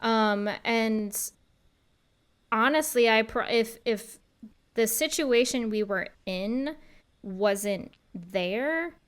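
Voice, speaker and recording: Woman, podcast host, casual chat, unhurried, smooth clear voice. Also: fairly high pitch, expressive. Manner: chatty, frequent fillers.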